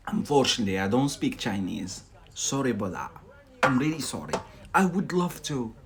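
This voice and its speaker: A man from Scotland, teaching English idioms on a live stream in a chatty way, often checking in with "yeah?". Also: mid-range voice.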